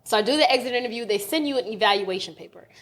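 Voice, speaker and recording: A woman's voice: fairly high pitch, rapid-fire. Fired-up woman ranting. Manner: animated, profane ranting. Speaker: podcast co-host. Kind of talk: casual podcast storytelling.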